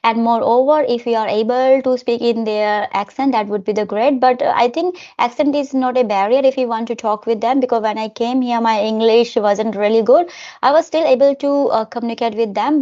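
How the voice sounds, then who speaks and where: A woman with an Indian accent talks quickly in a relaxed chat, explaining things like a teacher. Her voice sits fairly high. The sound is dull and muffled, like online call audio. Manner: talks fast. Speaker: English teacher and YouTuber. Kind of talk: casual conversation.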